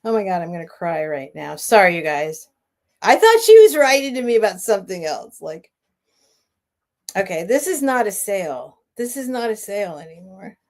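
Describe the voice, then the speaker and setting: A woman's voice: medium pitch, very animated, moderate pace, a little mellow. A middle-aged woman hosting a casual live sale stream, talking in a chatty, rambling way with emotional asides.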